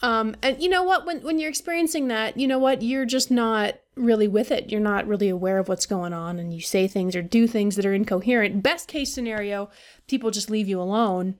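A woman's voice: mid-range voice, fairly quick. A woman hosting a podcast, talking casually and venting with a lot of swearing and laughter. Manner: profane, venting, animated with laughs. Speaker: podcast host. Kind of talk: casual monologue.

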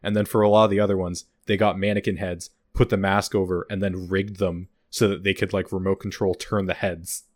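Low-voiced man chatting animatedly. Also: a little fast, few pauses, no echo, studio quality. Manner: rambling and animated, acting out quotes. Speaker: podcast co-host. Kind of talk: casual chat about a TV show's extras.

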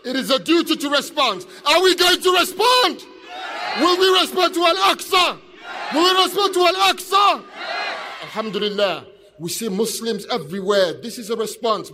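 A man giving an impassioned speech at an outdoor street protest, shouting call-and-response questions to a crowd. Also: sits high, a little hiss or hum. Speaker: speaker at a protest rally.

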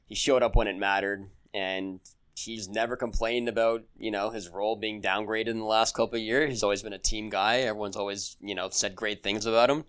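A man's voice: fairly low pitch, fairly even intonation, a little fast, fairly bright tone, smooth. A young man co-hosting a casual sports podcast, speaking earnestly and sometimes mock-serious. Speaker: podcast co-host. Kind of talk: casual basketball podcast chat.

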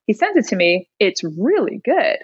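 A young woman from Indiana, telling a story as a podcast guest in an animated way, laughing often. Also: mid-range voice, husky, no room sound. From Indiana, USA. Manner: animated, laughing, quick restarts. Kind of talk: casual storytelling. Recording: dull lo-fi remote audio.

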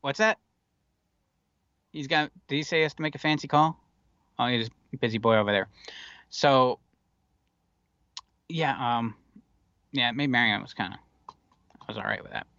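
Wry rambling man, bright dull-toned sound. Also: medium pitch, normal speed, pauses often, dry recording. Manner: rambling, wry and profane, with many fillers. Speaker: podcast co-host. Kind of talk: casual movie chat.

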